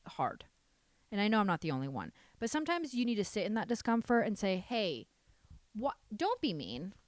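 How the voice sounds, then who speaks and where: Animated, frank woman podcast host. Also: mid-range voice, no echo. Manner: frank, animated and sassy, with casual swearing. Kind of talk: casual advice chat.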